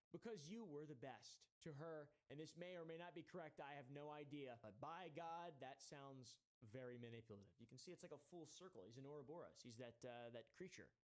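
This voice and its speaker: A man streaming, giving sarcastic commentary on a clip with wry, mocking asides. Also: fairly high pitch.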